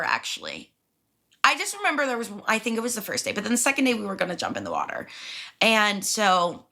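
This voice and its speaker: A young woman hosting a podcast, telling a story in a casual, animated way and swearing freely. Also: lowish voice, gravelly. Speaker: podcast host.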